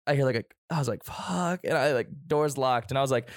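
A young man telling a story in casual chat, animated, laughing often and swearing heavily. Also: mid-range voice, fast, dry recording, clean studio sound.

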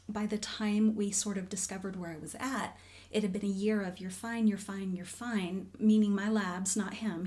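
Earnest woman telling her story. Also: mid-range voice. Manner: candid and earnest, dropping to a hushed near-whisper for emphasis. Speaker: guest. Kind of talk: personal storytelling in conversation.

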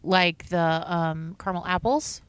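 A woman's voice: on the low side, a little slow, smooth, dry recording. A middle-aged woman co-hosting a podcast, chatting casually and passing on practical tips with a knowing, friendly manner. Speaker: podcast co-host. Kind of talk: casual chat.

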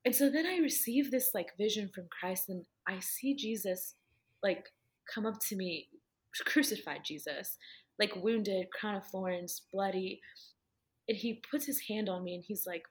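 A woman with a mid-range voice speaks unhurriedly and casually about her faith. She tells earnest personal stories and fills her speech with "like."

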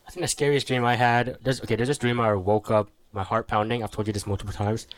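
A young man co-hosting a casual podcast chat, telling stories with lively acted-out quotes. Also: fast talker, a crowd in the background. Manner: animated storytelling, acts out quotes with sudden high yelps. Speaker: podcast co-host.

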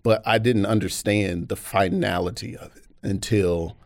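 An American man appears as a podcast guest, telling candid personal stories in an animated way and acting out the people he quotes. His voice is lowish and a little slow, recorded at studio quality with no room sound.

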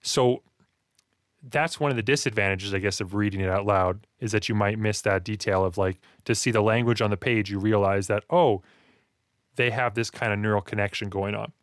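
A man co-hosting a casual talk about writing, animated and acting out reactions in quick quoted asides. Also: fairly low pitch, dry recording, clean studio sound. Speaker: podcast co-host discussing writing. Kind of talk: casual chat.

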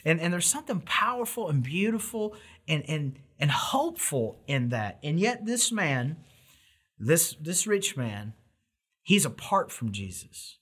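A man's voice: on the high side, big pitch swings, a little slow, a bit bright, slightly rough. A middle-aged man preaching a sermon in an earnest, emphatic way, with rhetorical questions and frequent restarts. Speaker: pastor.

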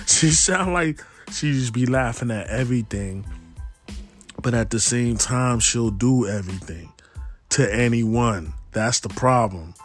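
A man's voice: mid-range voice, animated, moderate pace, soft background music. A stoned man rambling in a casual, slangy monologue, often losing his thread. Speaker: podcast host.

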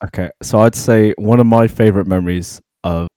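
A man's voice: on the low side, steady tone, fairly quick, mellow, no echo. Brief: young male co-host, giggly storyteller, dry close sound. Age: young adult. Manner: giggly, laughs through his story. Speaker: podcast co-host. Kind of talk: casual chat.

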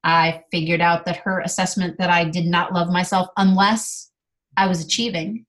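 A middle-aged woman speaking as a guest, candidly telling a personal story with lively delivery. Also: lowish voice, normal speed. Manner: animated, acts out quoted dialogue.

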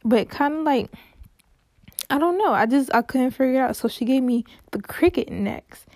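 Chatty young woman with a gravelly edge. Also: high-pitched, lively intonation, moderate pace, darkish tone, no room sound, studio quality. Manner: chatty, many "like" fillers, dramatic exclamations. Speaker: podcast host. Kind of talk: casual storytelling monologue.

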